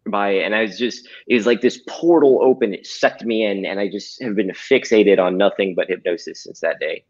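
A man's voice: fairly low pitch, brisk. A man, a hypnotist guest, telling a story casually and animatedly, with lots of fillers and some swearing, over a video call. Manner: animated, profane, filler-heavy. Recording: dull lo-fi audio.

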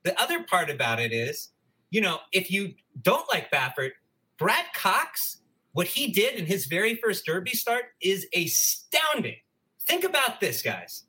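A man's voice: sits high, huge pitch swings, measured pace, pushed and bright. A man co-hosting a racing podcast, giving upbeat, persuasive analysis in a casual chat. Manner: upbeat, persuasive, making points. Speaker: podcast co-host.

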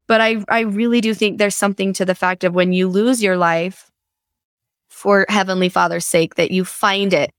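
A middle-aged woman hosting an interview, telling a personal story in an earnest, animated way. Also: mid-range voice, moderate pace, clean tone, dry recording, studio quality. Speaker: podcast host.

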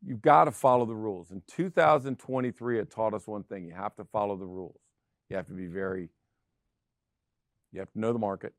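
A man's voice: lowish voice, brisk, no echo, studio quality. A middle-aged man hosting a real estate show, talking casually and driving his points home with emphatic repetition. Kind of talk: casual talk show monologue.

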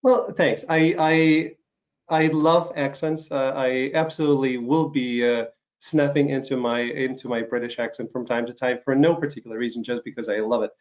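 A man hosting an interview show, recovering from an illness and coughing now and then, speaking haltingly with many fillers and restarts. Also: mid-range voice, fairly even intonation. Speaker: talk show host. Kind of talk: casual interview chat.

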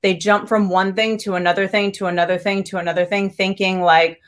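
A woman who works as a trainer and coach, speaking as a podcast guest in an animated, chatty way full of "like" and restarts. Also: mid-range voice, fairly quick. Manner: animated, filler-heavy talk with frequent "like" and restarts. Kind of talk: casual interview conversation.

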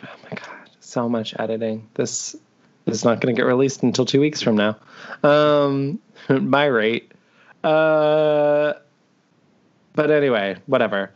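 A man's voice: medium pitch, a little slow. A man co-hosting a podcast over a video call, recapping an episode in casual, profane, joking chat and acting out the characters' lines. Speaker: podcast co-host. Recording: dull lo-fi audio.

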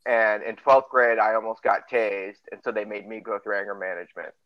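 A man's voice: lowish voice, steady tone, fairly quick, no room sound, muffled recording. A young man talking casually on a podcast, hesitant and swearing often. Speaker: podcast co-host. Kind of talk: casual chat.

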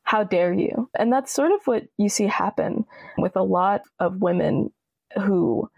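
A young woman speaks as a podcast guest, her voice carrying a gravelly, fry-heavy texture. She talks casually but with real passion, leaning into emphatic, expressive phrasing. The sound is close and dry, with no room around it. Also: mid-range voice, unhurried, dry recording, highs cut off. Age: young adult. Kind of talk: casual conversation.

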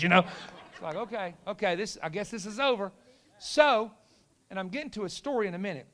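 A middle-aged man delivers a storytelling sermon in a high voice. He acts out the people he quotes, rising into sudden shouts on the punchlines. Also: expressive, brisk. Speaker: preacher.

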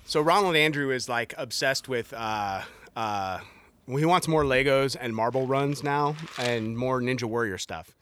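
A man's voice: mid-range voice, a little slow, a bit bright, slight background noise. Laid-back man swapping dad stories. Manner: laid-back storytelling with upbeat quoted dialogue. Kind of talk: casual chat, storytelling.

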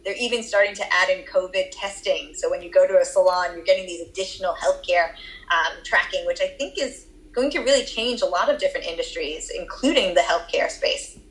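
A woman with a Boston accent, speaking as a research guest, answers interview questions about her work at length, with occasional fillers. Her voice sits on the low side, a little fast and a bit bright, and the audio quality is poor.

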